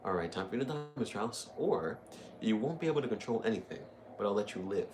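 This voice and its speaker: A man's voice: on the low side, expressive, fast talker, background noise. A young man giving casual, chatty commentary while playing a video game, easily amused. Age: young adult. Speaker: gaming video host. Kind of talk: casual let's-play commentary.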